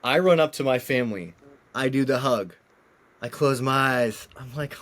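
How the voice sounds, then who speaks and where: Man telling an emotional story, mid-pitched. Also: moderate pace. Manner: animated storyteller who acts out quoted dialogue. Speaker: guest, former game contestant.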